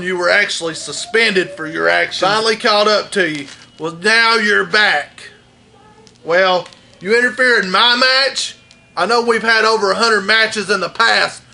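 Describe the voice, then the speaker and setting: A man's voice: high-pitched, vocal fry, pushed and bright. A man, a pro wrestler, cutting a challenging promo against a rival. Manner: challenging, slow and deliberate.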